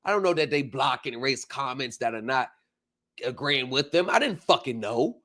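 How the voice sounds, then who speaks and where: A man hosting a casual livestream chat, telling stories with lively, animated reactions and frequent swearing, heard over a remote video call. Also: normal speed. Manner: animated storyteller, acts out his reactions with big pitch jumps and swearing. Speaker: livestream host.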